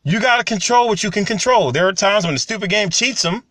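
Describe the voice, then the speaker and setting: A man's voice: high voice, fast talker, no room sound. Talkative man, dry close sound. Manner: conversational, animated when retelling stories. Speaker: commentary channel host. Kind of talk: casual monologue to camera.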